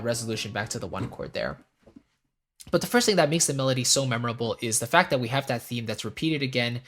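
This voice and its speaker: Man calmly explaining a melody. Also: medium pitch. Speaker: composer and music teacher. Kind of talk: casual music theory lesson.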